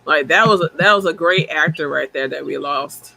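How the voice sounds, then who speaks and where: A woman co-hosting a casual chat, telling stories in an animated way and acting out the dialogue. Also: sits low, moderate pace, vocal fry, soft background music, rough recording.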